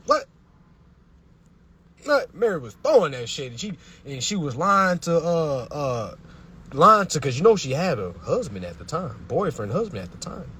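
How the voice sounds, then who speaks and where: A young man hosts a live stream with a confrontational, preachy rant full of profanity. His voice sits a little high for a man and swings widely as he presses his points. Faint vehicle noise hums behind him. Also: fairly bright tone.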